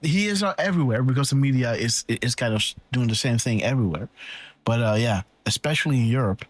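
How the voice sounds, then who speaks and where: A man hosting a live decode show, rambling excitedly and thinking aloud, checking in with "right?" and "okay.". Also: medium pitch, fast talker, no echo. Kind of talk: casual live-stream commentary.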